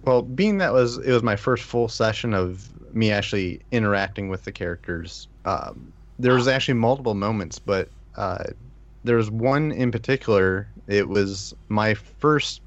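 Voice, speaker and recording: A man's voice: on the low side, moderate pace, dry recording. A man, a player, recalling a tabletop game moment in a rambling way, full of "just". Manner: rambling, repeats "just", chuckles. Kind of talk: casual chat about a tabletop game. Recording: dull lo-fi sound.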